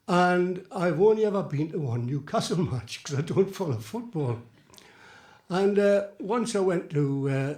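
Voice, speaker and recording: A man in his eighties with a Geordie accent softened by years in London, chatting and telling self-mocking jokes between songs as a folk singer on a small theatre stage. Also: fairly high pitch. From Tyneside, England. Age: 80s. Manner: chatty, rambling, self-mocking joke teller. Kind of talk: live folk club patter between songs. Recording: roomy live theatre sound.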